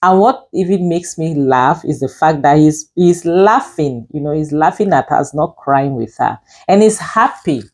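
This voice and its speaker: Woman with a low voice ranting about a drama episode, scolding, lots of "you know". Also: lively intonation, unhurried, few pauses, a little mellow. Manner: emphatic and scolding, with many "you know" fillers. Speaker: drama series reviewer. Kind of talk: opinionated review commentary.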